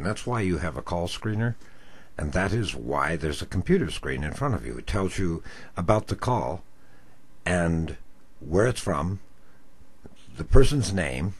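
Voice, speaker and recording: An older man, once a talk radio host, telling a story with self-mocking asides. His voice is low and husky, and he takes his time. His pitch rises and falls freely as he tells it. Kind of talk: storytelling monologue.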